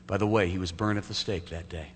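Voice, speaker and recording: Pastore che racconta con vivacità. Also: male voice, sits low, quick pace. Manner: animated storytelling, acting out scenes. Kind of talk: sermon. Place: church sanctuary. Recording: echoey hall, faint hum.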